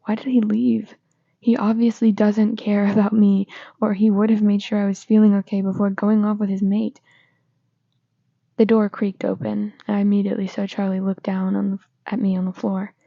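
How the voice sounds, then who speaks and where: A woman reading fanfiction aloud in a steady, plain voice. Her tone is mellow with a gravelly texture and a flat, even pitch. The recording is dry and slightly dull. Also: moderate pace, no echo. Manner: steady, plain reading with small slips and restarts. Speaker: fanfiction reader.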